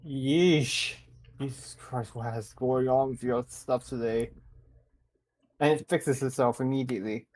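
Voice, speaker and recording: A man's voice: medium pitch, steady tone, a little slow, darkish tone, rough recording. A man joining a livestream as a guest, reacting in a jokey, mock-anxious way. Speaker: guest co-viewer. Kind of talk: casual livestream chat.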